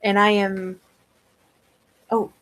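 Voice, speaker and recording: A woman's voice: medium pitch, level tone, extremely slow, a bit bright. A woman with a Wisconsin accent chatting casually on a livestream as a seller, rambling with many fillers. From Wisconsin, USA.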